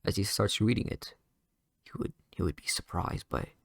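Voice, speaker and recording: Fan storyteller, male, gravelly lowish voice, dry close sound, loose rambling delivery. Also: animated, moderate pace, a bit bright, dry recording. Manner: rambling, many fillers and restarts. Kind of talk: casual improvised fan story narration.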